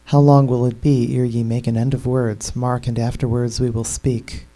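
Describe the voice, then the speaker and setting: A man's voice: mid-range voice, flat delivery, moderate pace, warm tone, pitched below the performer's own voice, close to an everyday voice, poor audio. A man reading scripture aloud in a solemn voice, speaking the lines of a stern old male biblical accuser. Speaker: scripture reader.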